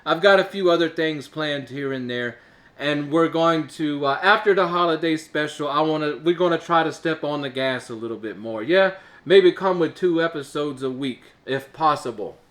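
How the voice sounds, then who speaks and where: A man's voice: a little high, moderate pace, a bit bright. A man with a stuffed-up nose, hosting his own show in casual, rambling chat full of uhs. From Alabama, US. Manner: rambling, chatty, with filler uhs and laughs. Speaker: show host. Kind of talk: casual solo talk to camera.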